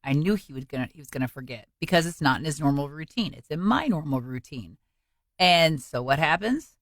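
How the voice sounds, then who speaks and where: Woman telling animated stories. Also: brisk, no room sound. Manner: animated storyteller who acts out quoted speech in a higher voice. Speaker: podcast co-host. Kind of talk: casual chat.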